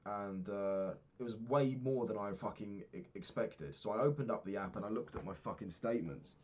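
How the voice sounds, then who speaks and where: Young man, low voice, casual sweary vlog ranting. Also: moderate pace, darkish tone, highs cut off, slight background noise. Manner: rambling, swears a lot, ranting. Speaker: vlogger.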